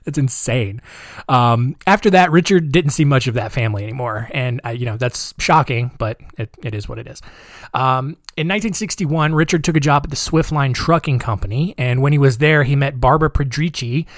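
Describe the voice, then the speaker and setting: A man hosting a true-crime podcast in a casual, chatty way, full of ums and wry asides. His voice sits at a middling pitch and sounds close and dry, with no room around it. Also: a little fast, no room sound. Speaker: podcast host.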